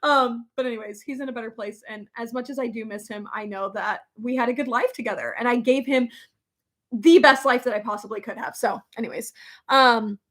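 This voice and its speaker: A young adult woman chatting casually as a vlogger, reading comments aloud, emotional and quick to laugh, with many fillers. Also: fairly high pitch, a bit bright. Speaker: vlogger reading live chat. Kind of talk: casual chat.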